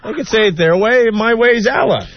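A man's voice: sits high, moderate pace. A man hosting a radio talk show, joking and mild-mannered as he takes a caller. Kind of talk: casual radio banter. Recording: dull lo-fi radio audio with music underneath.

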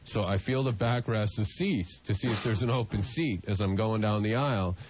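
A man's voice: fairly low pitch, normal speed, background noise. A blind man telling a rambling, laughing story as a guest on a radio show. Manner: laughing, rambling, imitates others. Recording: muffled radio broadcast.

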